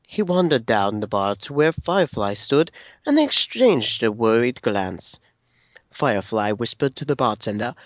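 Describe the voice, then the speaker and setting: A man narrating a fan story aloud in an expressive storytelling manner. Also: mid-range voice, moderate pace, dry recording. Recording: dry, dull lo-fi sound.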